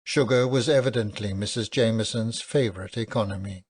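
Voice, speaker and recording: A man narrating an audiobook in a measured, even way. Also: on the low side, breathy edge.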